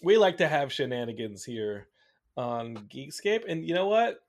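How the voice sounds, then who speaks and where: Rambling, animated male podcast host. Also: mid-range voice, normal speed. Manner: rambling, animated storytelling, reads out viewer comments. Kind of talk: casual chat.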